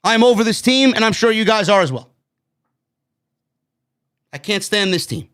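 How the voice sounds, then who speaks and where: A man's voice: high voice, animated, moderate pace, fairly bright tone, clear, resonant tone. A man reviewing a wrestling show on his own, blunt and sarcastic, swearing freely. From New York. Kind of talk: opinionated solo show review.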